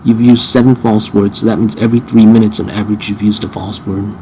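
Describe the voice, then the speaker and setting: Halting, sarcastic low-voiced man. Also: little pitch movement, warm tone, a little hiss or hum. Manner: halting, repeats himself, dry sarcasm. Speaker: user questioning an AI assistant. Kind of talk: casual chat.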